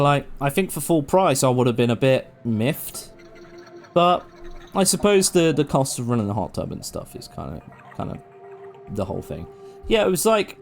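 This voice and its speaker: A man's voice: mid-range voice, vocal fry, a little hiss or hum. Brief: guy streaming a game, jokey and meandering, bouncy intonation. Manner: rambling, joking, swears casually. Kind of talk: casual let's-play commentary.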